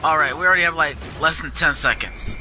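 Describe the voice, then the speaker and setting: High-pitched man raging over a game. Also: quick pace, sharp tone. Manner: angry profane ranting, frequent cursing. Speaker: gamer. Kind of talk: gameplay commentary. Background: game music.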